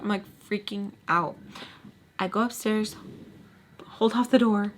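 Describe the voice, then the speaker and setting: A woman's voice: mid-range voice, fairly even intonation, measured pace, slight background noise. A woman vlogger telling a personal story in a casual, candid way, dramatic and blunt, with frequent swearing.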